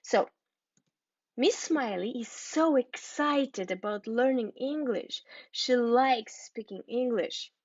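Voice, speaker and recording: Woman teacher, slow and deliberate, repeats and spells words for learners; dull, dry lo-fi sound. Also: on the high side, dry recording. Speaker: English teacher. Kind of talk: scripted lesson for learners.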